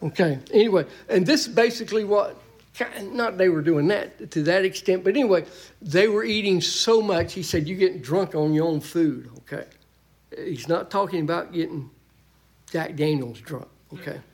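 A man's voice: high voice, moderate pace, husky. A man preaching a sermon in a church, folksy and emphatic, joking with the congregation.

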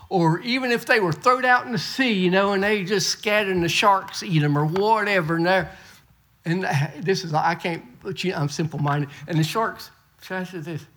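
A man's voice: high-pitched, a bit bright. A middle-aged man preaching a folksy sermon, often repeating and restarting words. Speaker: pastor. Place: church.

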